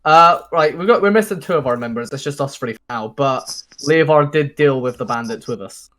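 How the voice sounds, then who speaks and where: A man's voice: mid-range voice, a little fast, fairly bright tone, a little hiss or hum, lightly acted. A man voicing a brash, joking male adventurer who leads the party. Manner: crude, swearing, laughing often.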